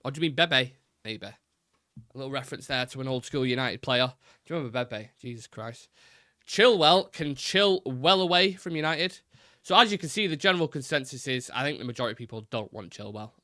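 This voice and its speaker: A man's voice: medium pitch, lively intonation, fast talker, bright, forceful tone, no echo, studio quality. A man hosting a live football fan stream, chatting casually and rambling, swearing now and then.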